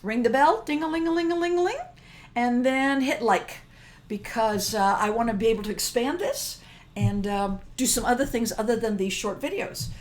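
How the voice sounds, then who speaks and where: A woman's voice: a little high, moderate pace. An older woman giving a casual devotional teaching, chatty and emphatic, often breaking off mid-phrase to restart. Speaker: worship teacher.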